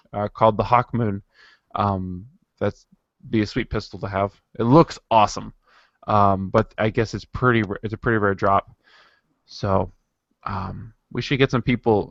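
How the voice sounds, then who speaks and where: A man chatting casually as a podcast co-host, with a bright, forward tone. He rambles, hesitates and restarts often. The sound is dull and very dry. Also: lowish voice, creaky, no room sound. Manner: rambling, full of fillers and restarts. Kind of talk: casual chat.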